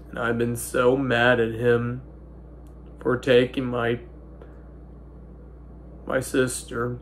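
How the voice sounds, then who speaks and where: Young guy choking back tears, stuffy nose, slow and flat, faint hum behind. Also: medium pitch. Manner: halting, broken sentences, slow and grieving. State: stuffy-nosed. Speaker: vlogger. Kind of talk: emotional personal monologue.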